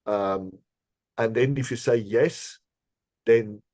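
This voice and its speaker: A man being interviewed on a podcast, telling a personal story in an earnest, measured way, with frequent fillers and small laughs. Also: mid-range voice, darkish tone, no room sound. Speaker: podcast guest, decision scientist.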